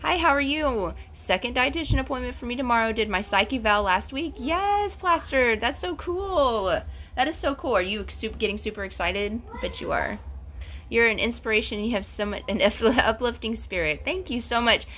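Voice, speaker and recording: A woman's voice: on the high side, animated, normal speed, a bit bright, a little hiss or hum. A woman in her forties chatting effusively on a phone live stream, reading out viewers' comments as host. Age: 40s. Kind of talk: casual live-stream chat.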